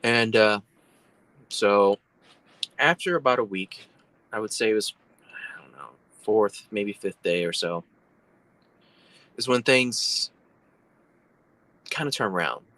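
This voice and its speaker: Brief: a male guest with a low, sharp voice telling a story over a video call, dry sound. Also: slow pace, long pauses, no room sound. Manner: rambling, lots of fillers and restarts. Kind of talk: casual storytelling.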